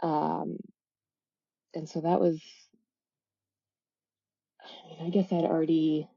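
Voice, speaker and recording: A woman speaks as a podcast guest, reflective and halting, leaning on "like" as she restarts her thoughts. Her voice sits fairly low, with a dark, mellow tone. The recording is dry and a little dull, with no room sound. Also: flat delivery, vocal fry, husky, no echo. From United States. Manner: halting and reflective, with many "like" fillers and self-corrections. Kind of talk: candid personal storytelling in a casual interview.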